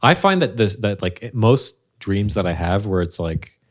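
A man's voice: on the low side, lively intonation, a little slow. A man hosting a podcast in a playful, joking way, swearing freely. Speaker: podcast host. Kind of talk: casual chat.

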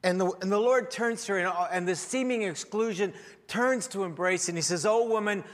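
A man preaching a sermon as pastor, telling a story with wry humor and swings in loudness. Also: high-pitched, normal speed. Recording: long hall reverb.

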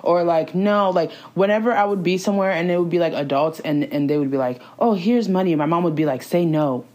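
A woman in her twenties in a casual chat, animated and playful, laughing often and using a lot of slang. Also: lowish voice, quick pace. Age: 20s.

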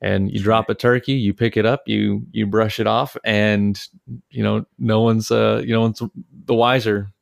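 A man from Detroit tells family stories on a podcast, with a low voice and a gravelly edge. He rambles casually, circling back with fillers and restarts. The recording is close and dry, with no room sound. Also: level tone, normal speed, no room sound. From Detroit, Michigan, USA. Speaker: podcast co-host, father. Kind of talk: casual storytelling chat.

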